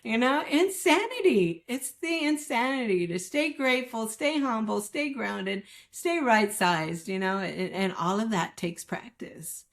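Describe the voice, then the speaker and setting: A woman's voice: fairly high pitch, expressive, unhurried, few pauses. A woman guest giving a candid, emotional account of her recovery, acting out the voices of people she quotes. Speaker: guest sharing recovery story. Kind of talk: candid personal testimony.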